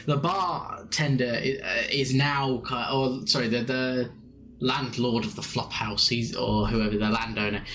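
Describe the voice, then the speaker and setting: A man's voice: medium pitch, fairly even intonation, a little slow, noisy background. A man, narrating as game master in a playful, chatty way. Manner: playful, chatty, laughs often.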